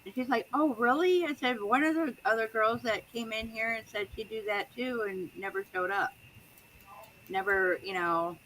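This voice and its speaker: A woman guest on a video call who tells a story in a rambling way, with many pauses. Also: medium pitch, a bit bright, slight background noise, poor audio. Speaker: livestream guest. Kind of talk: casual video call chat.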